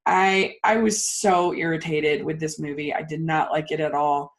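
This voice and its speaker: A young woman hosting a casual movie podcast, talking in an animated, ranting way with lots of fillers. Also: deep voice, normal speed. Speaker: podcast host. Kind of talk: casual chat.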